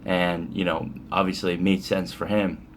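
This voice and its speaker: A man's voice: low voice, little pitch movement, moderate pace, noisy background. A young man casually telling a rambling, profane story, full of fillers, for his vlog. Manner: laid-back, profane, rambling with many fillers. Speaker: vlogger.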